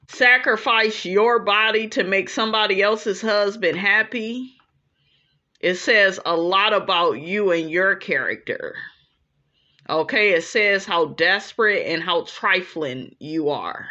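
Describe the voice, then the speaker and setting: Brief: blunt, profane woman commentator, slow, bright delivery, dull lo-fi recording. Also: medium pitch. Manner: blunt, profane, keeps asking "okay?". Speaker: reality TV commentator. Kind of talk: casual commentary.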